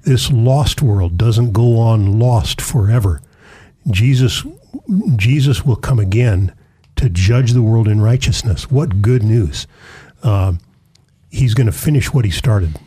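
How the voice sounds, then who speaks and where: A man, a pastor, earnestly explaining scripture in a casual discussion, slowing to stress key phrases. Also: fairly low pitch, mellow, slightly rough.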